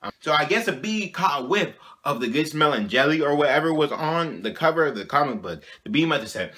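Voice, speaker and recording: A young man telling a childhood story in a casual vlog, animated and slangy, often checking in with "you know what I'm saying". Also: fairly high pitch, brisk, hardly any pauses. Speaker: vlogger.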